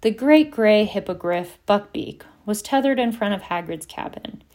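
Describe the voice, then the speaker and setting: A woman narrating an audiobook at a steady pace and doing voices for the characters. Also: mid-range voice, normal speed. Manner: steady storytelling, reads several voices. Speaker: audiobook reader.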